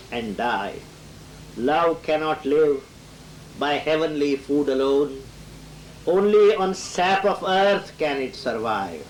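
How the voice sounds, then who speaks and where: A man's voice: on the high side, slight background noise, poor audio. A man giving a lecture on poetry who reads verse lines aloud and then explains them, with occasional chuckles.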